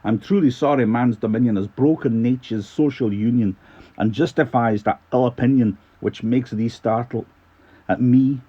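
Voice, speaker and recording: A man reading a poem aloud in a put-on Scottish accent, voicing a gently apologetic farmer poet in slow, lilting recitation. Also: mid-range voice, breathy edge, lo-fi sound, natural voice. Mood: reciting.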